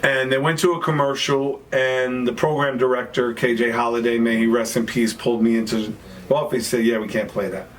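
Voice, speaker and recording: A man, a guest telling stories in a relaxed, reflective chat. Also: mid-range voice, fairly quick. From New York. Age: 50s. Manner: storytelling, reflective, frequent restarts. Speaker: guest rapper. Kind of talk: casual chat. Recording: distant mic with faint background noise.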